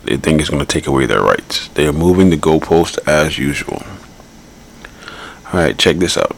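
Very deep, gravelly male podcast host. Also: expressive, normal speed, slight background noise. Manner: blunt, rambling, repeats himself. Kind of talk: casual political commentary.

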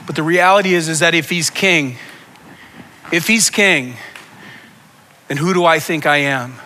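A man's voice: fairly high pitch, measured pace, bright, forceful tone. A man preaching a sermon as pastor, with impassioned, repetitive preaching that builds in intensity. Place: church sanctuary. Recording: long reverb of a church hall.

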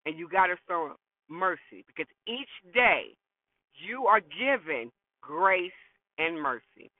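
A woman's voice: fairly low pitch, big pitch swings, slow, dry recording. A middle-aged woman hosting a show, giving blunt, preachy motivational advice and repeating her points for emphasis. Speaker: host. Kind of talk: motivational monologue. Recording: dry, phone-like lo-fi audio.

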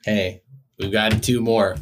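A man's voice: lowish voice, level tone, slow, slight background noise. A man co-hosting a casual reaction show, teasing and sarcastic toward his partner. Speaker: co-host.

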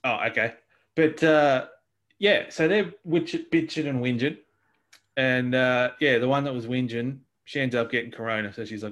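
A man's voice: medium pitch, fairly even intonation, moderate pace, fairly bright tone. Ranting Australian man on a podcast. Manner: ranting, sweary, exasperated. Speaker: podcast co-host. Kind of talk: casual chat.

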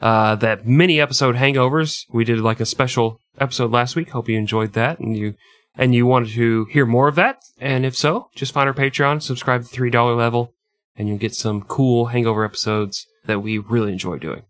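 A man's voice: mid-range voice, fairly even intonation, a little fast, a bit bright, dry recording. A man in his thirties co-hosting a comedy history podcast, joking and laughing often. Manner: laughs often, plugs the show. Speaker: podcast co-host. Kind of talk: casual comedy chat.

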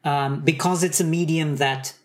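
A man's voice: a little high, steady tone, normal speed. Reflective male interviewer. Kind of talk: casual interview questions.

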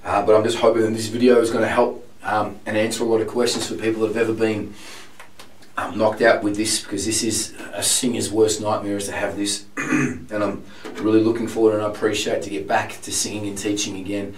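Brief: hoarse, ailing male vocal coach, frank and explanatory, recorded at a distance in a roomy space with music clearly audible. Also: on the low side, flat delivery, a little fast, a little hiss or hum. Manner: frank, explanatory, with many filler ums. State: hoarse, sick with laryngitis. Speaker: singing teacher. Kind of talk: vocal lesson demonstration.

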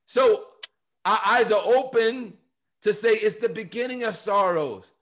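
A man teaching the Bible on a podcast, emphatic and preachy, reading scripture aloud and sometimes rising to shouts. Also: high-pitched, animated, normal speed.

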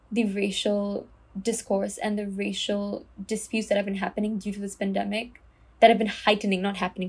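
A woman's voice: medium pitch, a little mellow. A young Singaporean woman hosts her own podcast and talks straight to the listener. Her Singaporean English accent is easy to hear, and she tells her story earnestly, with plenty of likes and restarts. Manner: earnest, storytelling with many fillers. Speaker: podcast host. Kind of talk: casual solo podcast talk.

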